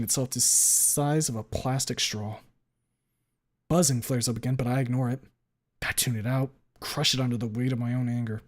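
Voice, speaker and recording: A man with a voice of middling pitch reads a first-person story on his stream. He narrates in a hushed, controlled tone that keeps slipping into clipped, cursing anger. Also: fairly even intonation, moderate pace. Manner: hushed, then swearing and tightly angry. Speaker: streamer reading a story aloud.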